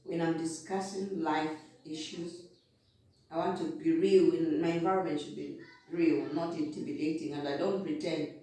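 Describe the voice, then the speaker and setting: With a deep, warm, steady voice at normal speed, the vlogger speaks directly and bluntly about business while snacking between points. She's seated on the floor indoors, and the recording is very echoey, with a distant mic and faint noise.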